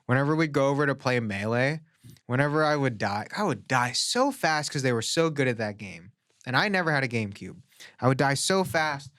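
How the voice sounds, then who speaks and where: A young man in casual podcast banter, joking loosely and swearing now and then. His voice sits at a middling pitch, and the sound is close and dry with no room around it. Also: lively intonation, a little fast, fairly bright tone, no echo. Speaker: podcast co-host. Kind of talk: casual comedic chat.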